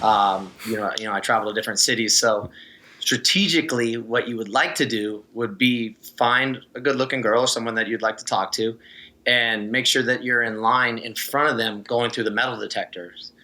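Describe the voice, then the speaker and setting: Bright easygoing guy telling stories in a chat, laughs a lot. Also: medium pitch, fairly even intonation, moderate pace. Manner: storytelling, easygoing, laughs often. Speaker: guest, former Olympic swimmer. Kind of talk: casual interview chat.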